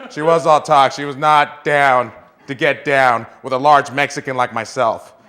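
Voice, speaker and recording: A man's voice: medium pitch, fairly even intonation, moderate pace, pushed and bright. A man doing a stand-up comedy set, trading in self-mocking punchlines before a live audience. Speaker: stand-up comic. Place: small club stage with live audience.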